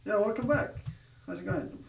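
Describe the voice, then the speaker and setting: A man streaming his study session, explaining his thoughts in a halting, self-correcting way. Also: high-pitched, roomy sound, distant mic, a little hiss or hum. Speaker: streamer learning a language.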